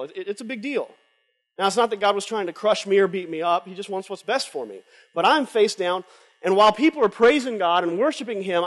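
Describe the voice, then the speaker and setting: A man preaching a sermon at a conference, moving between loud urging and hushed confession before a live audience. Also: high voice. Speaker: conference speaker. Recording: long hall reverb from a live event.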